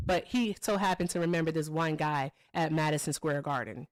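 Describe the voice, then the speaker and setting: A woman's voice: sits low, brisk, a crowd in the background. A woman hosting a live call-in political debate stream, combative and mocking, repeating her points. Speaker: livestream political debate host.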